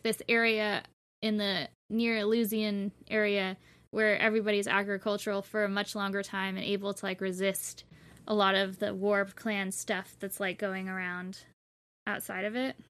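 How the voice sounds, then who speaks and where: A woman's voice: mid-range voice, a bit bright. Chatty young woman explaining myths. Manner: chatty, explaining with frequent "like" and laughs. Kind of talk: casual chat about mythology.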